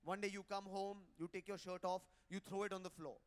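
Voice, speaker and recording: Male stand-up, high voice, teasing crowd work at a hotel ballroom event. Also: little pitch movement, brisk, smooth. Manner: brash, teasing, crowd-roasting. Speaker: stand-up comedian. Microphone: handheld mic.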